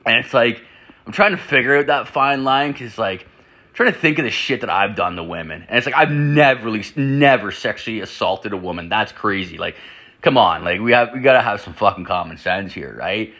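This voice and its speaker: A man telling crude stories in a casual ramble, swearing constantly and filling every pause with "like". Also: on the low side. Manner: rambling, profane, full of "like" fillers; animated, jumps into acted-out quotes. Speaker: podcast host.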